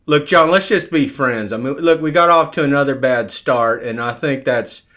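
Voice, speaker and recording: A man's voice: mid-range voice, moderate pace, fairly bright tone, lightly acted. A man doing an impression of a bossy older male TV psychologist who prods and mocks the other man, repeating his name. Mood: needling. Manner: prodding, mocking, repeats the other man's name.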